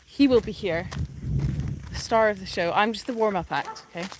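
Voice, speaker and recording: A woman's voice: mid-range voice, normal speed. A woman hosting a live stream from a rural animal sanctuary, chatting casually, laughing often and breaking off to talk to the animals while she walks with her phone. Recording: loud outdoor wind noise. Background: wind and animals.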